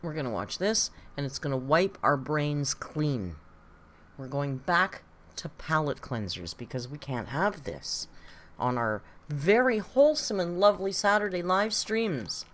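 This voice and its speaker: Low-voiced woman chatting on a live stream. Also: expressive, a little slow, fairly bright tone, a little hiss or hum. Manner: chatty, exclamatory, swears freely. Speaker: livestream reaction host. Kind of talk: casual live-stream chat.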